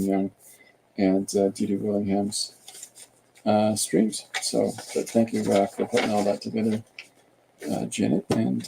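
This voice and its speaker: A man's voice: fairly low pitch, gravelly, warm tone, slight background noise. An older man hosting a casual livestream chat, rambling and hesitant, with lots of filler sounds. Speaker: podcast host.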